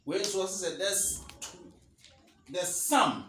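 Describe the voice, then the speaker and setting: A man teaching a math lesson, slowly repeating key phrases for emphasis. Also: high voice, pushed and bright, recorded from a distance, slight background noise. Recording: roomy echo, faint ambience.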